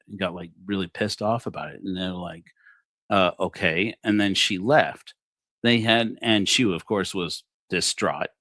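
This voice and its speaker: A man's voice: fairly low pitch, fairly bright tone, dry recording. A man preaching a comedic, rambling sermon on a livestream, joking and self-deprecating. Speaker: preacher of a parody church.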